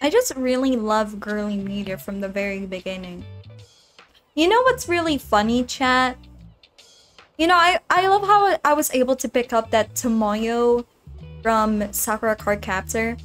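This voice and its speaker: A woman's voice: a little high, animated, unhurried, fairly bright tone, soft background music. A woman streaming a game, chatting casually to her viewers, giggling and rambling as she plays. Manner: giggly, rambling, talks to chat. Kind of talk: casual gaming stream chat.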